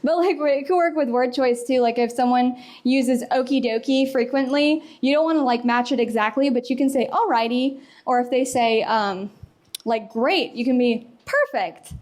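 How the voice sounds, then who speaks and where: Woman, young adult, fairly high pitch, casual, chatty, conference talk. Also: steady tone, normal speed, a little mellow. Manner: casual, chatty, laughs often. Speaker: conference speaker. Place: conference hall.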